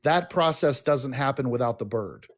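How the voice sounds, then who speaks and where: A man's voice: mid-range voice, lively intonation, moderate pace. Guy caller arguing on a stream, sure of himself, medium voice. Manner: confident, argumentative, explaining. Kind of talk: casual debate.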